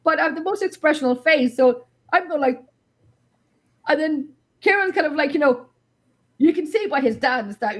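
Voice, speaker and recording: An Irish woman hosting a paranormal chat over a video call, telling stories in an excitable, animated way. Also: high-pitched, moderate pace. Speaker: paranormal investigator host. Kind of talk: casual chat.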